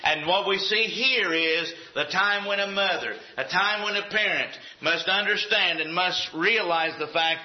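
A man's voice: high-pitched, measured pace, few pauses. A man preaching a sermon in a folksy, conversational way with acted asides. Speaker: pastor. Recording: dull lo-fi recording.

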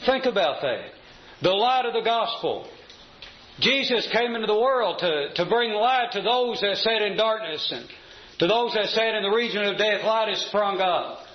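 High-voiced preacher in an echoey hall. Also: male voice, expressive, a little hiss or hum. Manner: measured preaching, slows to stress scripture. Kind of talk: sermon. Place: church assembly hall. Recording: echoey, slightly dull church recording.

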